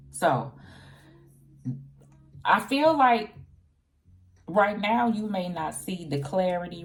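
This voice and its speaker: Low gravelly woman reading tarot. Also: dark tone. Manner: loose and conversational, repeats herself, uses slang. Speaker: tarot reader. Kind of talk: casual tarot reading to camera.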